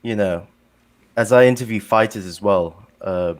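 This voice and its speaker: A man's voice: fairly low pitch, normal speed. A British man as a podcast guest, modest and a little nervous, hesitating with fillers. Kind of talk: casual chat.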